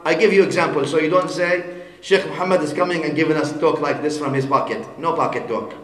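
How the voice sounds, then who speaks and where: Guy preaching, fairly high voice, mixes in arabic words, big echoey hall with long reverb. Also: brisk. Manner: teaching with examples, asks the audience "huh?" often. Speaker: Islamic scholar giving a lecture. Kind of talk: sermon.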